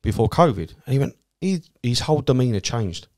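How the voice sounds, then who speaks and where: He's an Essex cab driver who also does comedy, rattling off anecdotes quickly in a mid-range voice. The chat is casual, the swearing free, and the voices he puts on for quoted people are lively.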